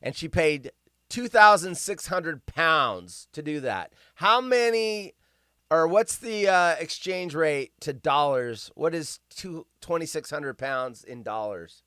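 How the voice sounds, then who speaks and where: A man hosting a casual livestream, rambling and sarcastic as he reacts in disbelief. His voice sits a touch high and swings widely in pitch. It is smooth and clear, recorded close and dry. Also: animated, slow, bright, forceful tone, dry recording. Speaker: livestream host.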